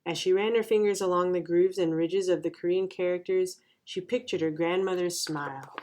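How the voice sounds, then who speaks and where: A reader hosting a storytime for children, reading a picture book aloud with clear, gentle narration. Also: medium pitch, steady tone, moderate pace.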